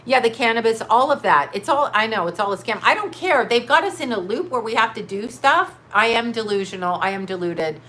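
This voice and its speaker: A woman's voice: a little high, animated, a little fast, few pauses, fairly bright tone, slight background noise. A middle-aged woman hosting a livestream, reading chat comments and ranting bluntly, with plenty of profanity. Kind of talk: casual livestream rant. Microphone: webcam or phone mic.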